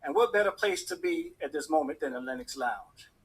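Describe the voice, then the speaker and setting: Husky high-voiced male storyteller. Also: a little fast. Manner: animated, acts out the voices of people in his story. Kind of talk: personal story told to an audience.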